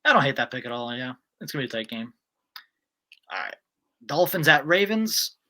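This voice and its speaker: A man co-hosting a casual football picks show, brisk and decisive as he moves through each game. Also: medium pitch, sing-song, pushed and bright. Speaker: co-host. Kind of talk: casual sports picks chat.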